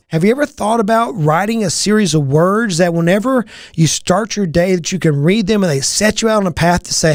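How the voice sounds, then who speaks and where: Guy, high voice, preachy motivational coach, repeats lines for punch. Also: no room sound, clean studio sound. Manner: emphatic, preacher-like cadence with repetition. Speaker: business coach and host. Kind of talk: motivational talk, reciting a personal mantra.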